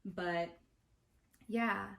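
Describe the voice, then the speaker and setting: A woman's voice: medium pitch, steady tone, drawn-out words, gravelly, a bit bright, echoey room. A woman hosting her own vlog, ranting in a casual, profane, exasperated way about things that annoy her. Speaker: vlogger host. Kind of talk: casual opinion rant to camera. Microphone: home recording setup.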